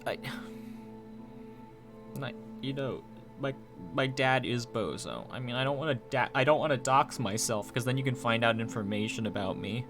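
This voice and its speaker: A man streaming live, rambling through a mock-tearful fake apology in a deadpan, stammering way. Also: mid-range voice, normal speed, over music. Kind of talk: mock-tearful livestream banter.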